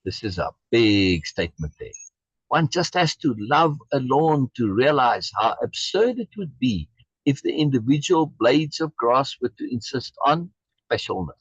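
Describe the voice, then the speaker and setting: Emphatic husky man on a video call. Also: mid-range voice, big pitch swings, unhurried, no echo. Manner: emphatic, repeats key phrases. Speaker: program leader reading and commenting. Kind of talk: reading aloud with reflective commentary. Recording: dull lo-fi video call audio.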